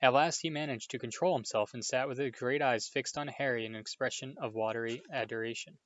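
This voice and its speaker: A man reading a storybook aloud as narrator, in a steady, plain voice. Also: medium pitch, a little fast. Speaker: audiobook reader. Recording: dull, dry home recording.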